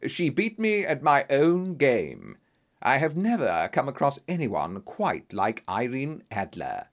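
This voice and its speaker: Clever detective, male narrator, cold and clipped, lively intonation. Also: mid-range voice, takes it slowly, heavily acted. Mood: cool. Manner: cool and clipped.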